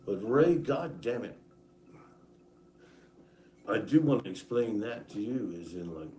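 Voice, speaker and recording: Angry ranting man, lively pitch. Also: unhurried, long pauses, roomy sound, a little hiss or hum, low-quality recording. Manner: angry, profane, addresses absent man directly. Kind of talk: ranting monologue.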